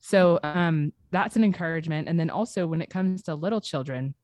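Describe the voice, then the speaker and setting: A woman's voice: low voice, a little fast, a little mellow, no room sound, studio quality. A woman in her thirties, a guest author, talking in an earnest, encouraging way with many fillers. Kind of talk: casual interview chat.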